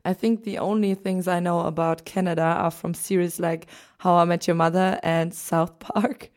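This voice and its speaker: A woman's voice: lowish voice, darkish tone. A German-speaking woman hosting an interview in English, asking easygoing questions and laughing often. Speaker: interviewer, host.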